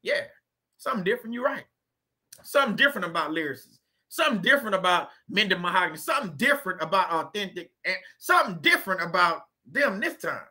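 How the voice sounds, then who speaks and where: A man's voice: high voice, very animated, fast, sharp tone. A man hosting a casual, faith-based motivational talk, speaking in a colloquial, preachy way and repeating his points for emphasis. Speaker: host.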